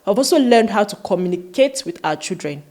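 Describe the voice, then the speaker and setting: A woman's voice: medium pitch, lively intonation, a little mellow. Earnest woman vlogger giving her opinion. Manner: earnest, emphatic, slows down to stress points. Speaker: commentary vlogger. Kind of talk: opinion commentary.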